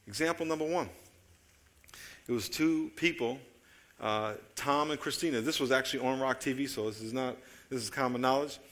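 Animated preacher with a bright voice. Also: male voice. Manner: animated storytelling, acting out voices and jokes; swings from loud excited calls to low quiet asides. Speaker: pastor. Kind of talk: sermon.

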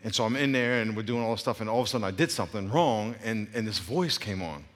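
A middle-aged man preaching a sermon full of stories. He shifts between loud bursts and quiet asides and laughs often. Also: on the low side, animated, quick pace. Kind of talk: sermon with anecdotes. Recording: long reverb of a large hall.

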